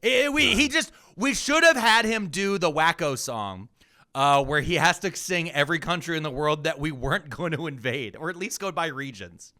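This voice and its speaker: A man's voice: a little high, lively intonation, normal speed, bright, forceful tone. A man co-hosting a podcast, ranting with profanity in casual news commentary. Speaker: podcast co-host.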